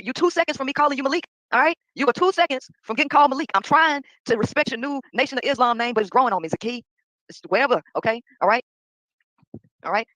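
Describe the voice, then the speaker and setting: A woman's voice: high-pitched, a bit bright, no echo, poor audio. A woman venting casually to her viewers in an exasperated, direct way. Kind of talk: casual rant.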